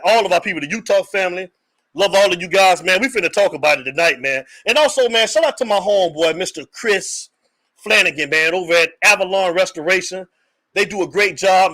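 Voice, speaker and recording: Man, sports call-in host, high voice, bright tone, hyped casual talk, slangy. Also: poor audio. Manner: energetic hype man, calls out viewers, slangy.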